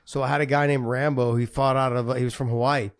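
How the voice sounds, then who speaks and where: A man co-hosting a fight podcast, telling animated stories in casual chat and swearing freely. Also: mid-range voice, fast. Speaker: podcast co-host, former fighter.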